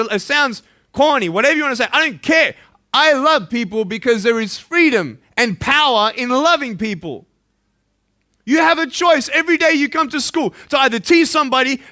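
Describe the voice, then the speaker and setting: Impassioned Australian man, bright voice. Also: extremely high pitch. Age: 30s. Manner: impassioned, swings from loud pleading to hushed intensity. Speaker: motivational speaker. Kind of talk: motivational school assembly speech.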